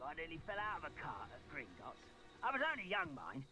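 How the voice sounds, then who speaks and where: A man's voice: on the high side, huge pitch swings, fairly quick. An actor playing a chatty male villager in a video game, rambling with wry asides.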